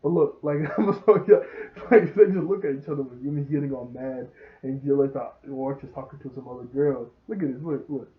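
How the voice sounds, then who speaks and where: Excitable man rambling through a show review. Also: mid-range voice, fairly quick. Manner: rambling, excitable, laughs often, retells scenes. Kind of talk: casual episode review. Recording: roomy, dull lo-fi sound.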